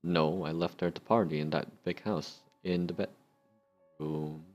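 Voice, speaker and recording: A man's voice: deep voice, steady tone, normal speed, darkish tone, lo-fi sound, faint music behind, natural voice. A man voicing a young male bartender who recalls his past, read in a plain, subdued way.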